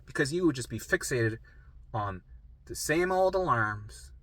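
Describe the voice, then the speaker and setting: A man who coaches recovery, teaching in a casual monologue to camera while drawing. He talks in an animated way, swears freely and acts out little quotes. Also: medium pitch, a little slow, no echo.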